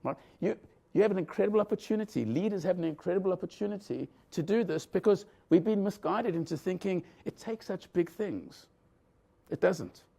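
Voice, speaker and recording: A man with a high, dark voice, a little fast and touched by vocal fry, gives an engaging leadership lecture in a conference room. He's a professor presenting a session, keeping the live audience involved by putting questions to them.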